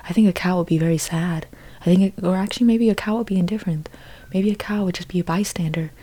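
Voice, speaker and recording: Breathy whispering young woman in whispered role-play. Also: lowish voice, fast, warm tone. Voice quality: mostly whispered. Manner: rambling absurd monologue with many restarts. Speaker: ASMR creator.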